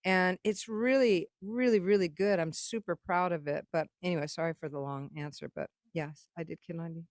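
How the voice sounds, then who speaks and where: A woman's voice: on the low side, fairly even intonation, brisk, hardly any pauses, dry recording, studio quality. Rambling, salty-tongued woman storyteller. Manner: rambling, profane, acts out quoted dialogue. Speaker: guest songwriter and producer. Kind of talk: casual storytelling interview.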